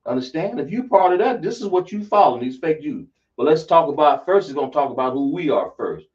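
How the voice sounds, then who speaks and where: Teaching a religious class, a man with a fairly high, darkish voice speaks a little fast with lively intonation. He's emphatic and quizzes his listeners with rhetorical questions, recorded in dull, distant lo-fi sound.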